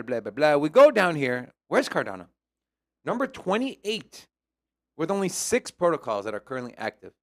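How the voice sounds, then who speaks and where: Guy hosting a crypto stream, kinda high voice, bounces all over, jokey and loose. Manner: joking, animated, teasing banter. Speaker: crypto show host. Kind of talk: casual chat and chart analysis.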